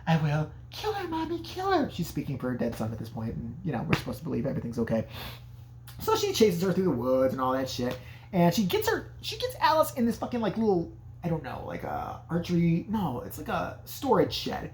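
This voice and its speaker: A woman recaps an old horror movie with sarcasm and plenty of swearing. Her voice sits slightly low but swings widely in pitch. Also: brisk, slight background noise. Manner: sarcastic, profane, lively. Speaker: movie reviewer.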